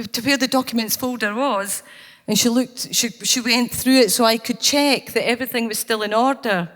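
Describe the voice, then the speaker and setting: A Scottish woman speaking at a conference, telling a personal anecdote with earnest, anecdotal warmth. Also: fairly high pitch. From Scotland. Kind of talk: storytelling keynote talk. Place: conference hall. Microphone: handheld or stage mic, cutting out. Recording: long hall reverb.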